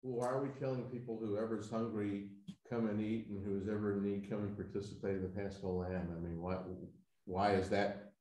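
A man in the audience of a class asks a thoughtful question. His voice is low and mellow. The room around him echoes. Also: steady tone, a little fast. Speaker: class participant.

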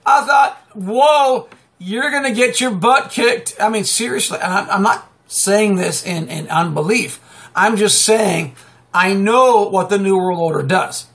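A man preaching off the cuff, rambling and emphatic, breaking into sudden loud outbursts and chuckles. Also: sits high, a little slow. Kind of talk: fiery unscripted preaching monologue.

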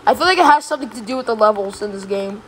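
A woman streaming a game live, chatting casually and breaking into excited yelps when she is chased. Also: mid-range voice, racing, slight background noise, poor audio. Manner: casual, says "bro" a lot. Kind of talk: live gameplay commentary.

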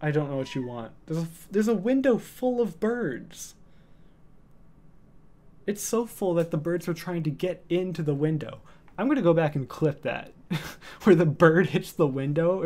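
A man streaming from home in casual chat, rambling with lots of fillers and cooing softly at his cat. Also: fairly high pitch, lively intonation, normal speed.

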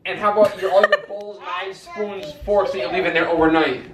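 A man's voice: high-pitched, steady tone, a little fast, a loud crowd. Man at home, teasing and stubborn with his partner, dry delivery, echoey room sound. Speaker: vlogger's boyfriend. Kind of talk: casual home banter. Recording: roomy home camera audio.

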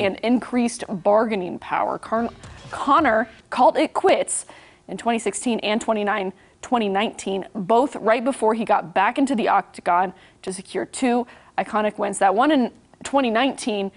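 Chatty young woman reading entertainment news. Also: a little high. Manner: bright, chatty delivery, reads then riffs. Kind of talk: morning news reading with banter.

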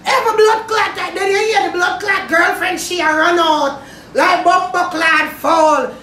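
A Jamaican woman with a very high voice rants loudly in a comedy skit, shouting and swearing freely. She sounds roomy and echoey, a little away from the mic. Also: steady tone, unhurried, far from the mic, slight background noise. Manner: loud, shouting, profane.

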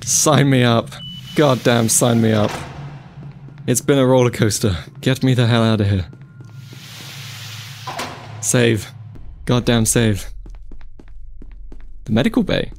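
This let's play commentator speaks a little slowly, with a medium-pitched, creaky, darkish voice, long pauses and soft music underneath. Talkative but jumpy, he yelps in panic and repeats himself whenever something scares him.

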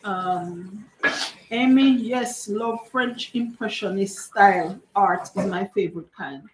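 A woman's voice: medium pitch, slow pace, noisy background. Chatty woman in echoey kitchen. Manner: chatty, warm greetings to viewers by name. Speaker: cooking stream host. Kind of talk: live-stream chat, reading out viewer comments. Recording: echoey room.

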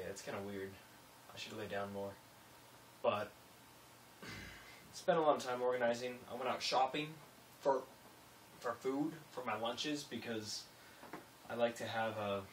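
A young man vlogging casually, rambling and self-mocking, swinging between low mumbles and sudden loud bursts. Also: a little hiss or hum. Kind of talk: casual vlog monologue. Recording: roomy echo, a bit distant from mic.

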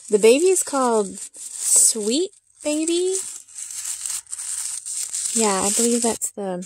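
A woman's voice: mid-range voice, vocal fry, darkish tone, slight background noise. A woman unboxing a reborn doll on her channel, talking in a cooing baby-talk way and giggling often. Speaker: reborn doll collector and vlogger. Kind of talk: casual unboxing chat.

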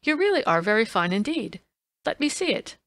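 A woman's voice: on the high side, big pitch swings, a little fast, fairly bright tone, no echo. A woman voicing a cool, ironic male detective in an audiobook, dry and teasing. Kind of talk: audiobook reading.

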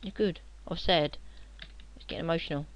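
A young man, rambling and joking as he narrates his own computer game, now and then shouting at enemies. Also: a little high, fairly even intonation, fast talker. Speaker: gamer playing on video. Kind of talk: casual game commentary.

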